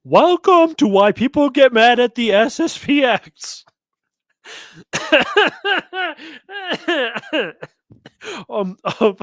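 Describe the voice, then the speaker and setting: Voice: mid-range voice, no echo, studio quality. A commentary host reacting to a clip with mocking, laughing sarcasm.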